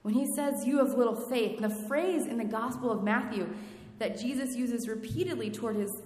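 A woman's voice: a little high, moderate pace, darkish tone. A woman preaching a sermon in a reflective way, asking her listeners questions. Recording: echoey hall with long reverb.

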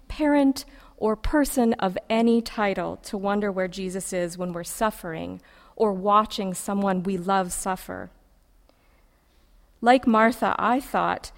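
A woman preacher delivers a sermon in an unhurried, deliberate cadence, letting poetic lines land with long pauses. Her voice sits at an ordinary middle pitch. A long reverb trails her words through a large church sanctuary. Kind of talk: sermon with a recited poem.

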